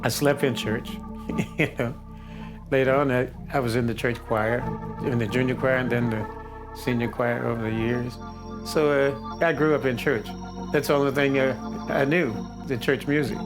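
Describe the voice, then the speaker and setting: A man's voice: mid-range voice, fairly even intonation, normal speed, music in the background. An older man from the Detroit area, a singer being interviewed, telling anecdotes with frequent chuckles. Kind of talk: storytelling interview.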